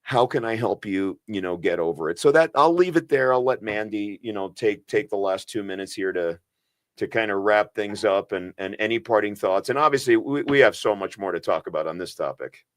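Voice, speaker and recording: Male doctor-host, low pitch, dry studio sound, relaxed earnest talk. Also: a little fast, no room sound. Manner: casual, earnest, frequent restarts. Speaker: radio show host, doctor. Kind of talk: casual radio health talk.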